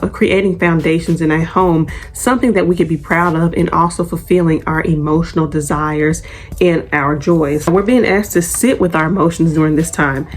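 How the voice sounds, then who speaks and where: Woman chatting astrology to camera, kinda low and husky, earnest, lots of "right?". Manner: earnest, chatty, repeats words, asks rhetorical questions. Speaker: astrology channel host. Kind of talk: casual forecast talk to camera.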